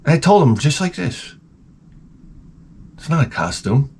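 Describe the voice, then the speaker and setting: Male video host, comic ranter who swears freely, animated pitch, talking in a garage workshop. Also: measured pace, creaky, husky. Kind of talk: comedic rant.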